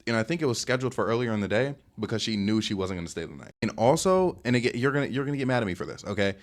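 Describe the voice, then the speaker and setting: Fast-talking young man telling a story. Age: 20s. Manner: fast rambling talk with many fillers, lively jumps in pitch; reads text messages aloud in a lower, softer voice. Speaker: vlogger telling a dating story. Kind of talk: casual storytime.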